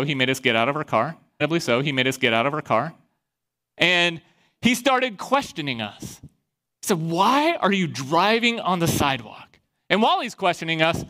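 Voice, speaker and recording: A pastor from Iowa, a man giving a sermon and telling a personal story in a lively way, acting out the voices he quotes. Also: a little high. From Iowa, USA.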